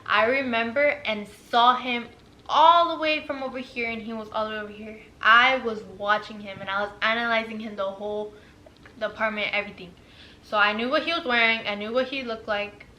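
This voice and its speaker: A woman's voice: a little high, a little fast. A young woman casually retelling a story, full of fillers and quoted dialogue. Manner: filler-heavy, animated retelling.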